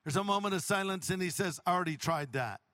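Man, pastor, sermon, humorous storyteller, high bright voice, dry close sound. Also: fast, no echo.

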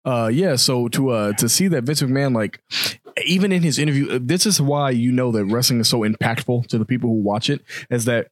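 A man in casual podcast talk, thinking aloud and groping for the right words. His voice sits in a middle pitch. The recording is close and dry. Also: a little fast, dry recording. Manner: thoughtful, rambling, searches for words. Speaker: podcast co-host. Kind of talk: casual chat.

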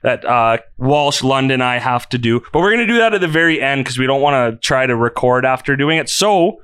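A man's voice: mid-range voice, animated, a little fast, a bit bright, smooth, dry recording. A man hosting a podcast, making loose, rambling announcements in casual chat from a studio. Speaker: podcast host.

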